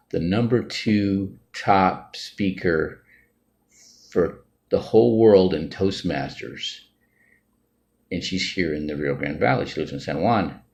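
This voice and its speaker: Man, very low voice, casual rambling monologue, keeps asking right?. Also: a little mellow. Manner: rambling, tags sentences with "right?" and "all right?". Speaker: financial group member sharing views.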